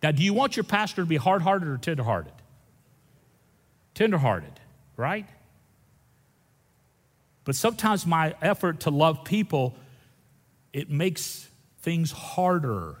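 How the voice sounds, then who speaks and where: Brief: man, pastor, lively folksy preaching, long hall reverb. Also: fairly high pitch. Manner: folksy, animated, swings between loud and hushed. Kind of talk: sermon. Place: church sanctuary.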